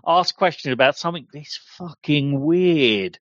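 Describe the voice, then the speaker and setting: A man plays a tabletop game with a lively, animated voice, jokey and curious. The recording is dry and dull, slightly lo-fi. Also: on the high side, a little slow, dry recording. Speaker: player.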